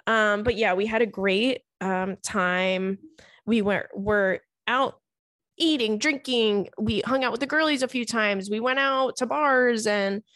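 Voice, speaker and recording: A woman's voice: fairly high pitch, unhurried, a bit bright, dry recording. Chatty young woman podcast host, dry sound. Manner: chatty, swears freely, laughs through stories. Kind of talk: casual chat.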